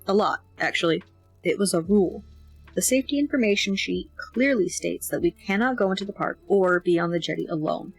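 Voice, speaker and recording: A woman narrating a young-adult novel in the first person, with expressive, lively delivery of the dialogue. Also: fairly low pitch, fairly quick, slightly rough, poor audio. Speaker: audiobook narrator. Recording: faint background music.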